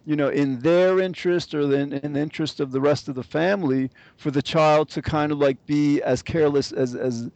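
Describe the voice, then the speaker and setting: A man's voice: fairly high pitch, fairly even intonation, normal speed, few pauses, darkish tone, dry recording. A man in a casual podcast discussion, agreeable, restarting often and using fillers. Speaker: podcast guest.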